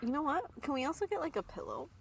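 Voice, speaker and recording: A playful, giggly woman co-hosting a podcast, her fairly high voice bouncing all over the place. She slips into whispered asides between jokes, with a faint hiss underneath. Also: big pitch swings, quick pace, creaky. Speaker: podcast co-host. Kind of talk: casual chat.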